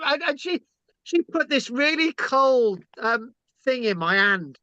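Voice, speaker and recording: A man's voice: very high voice, lively intonation, measured pace, sharp tone, dry recording. A man telling stories in casual chat, rambling and stammering, tagging lines with "right?". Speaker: channel host. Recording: dull lo-fi sound.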